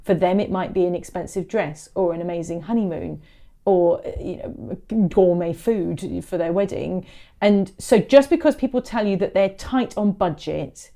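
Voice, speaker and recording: A woman's voice: on the low side, moderate pace, gravelly, warm tone. A woman from the south of England, co-hosting a casual business podcast, emphatic and repeating her key points. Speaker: podcast co-host, photography business coach. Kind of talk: casual podcast advice chat.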